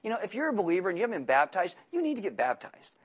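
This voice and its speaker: A man preaching a sermon as pastor, reading scripture and acting out the voices of its figures with lively, joking asides. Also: high voice, racing, slightly rough. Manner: animated, acts out voices of biblical figures.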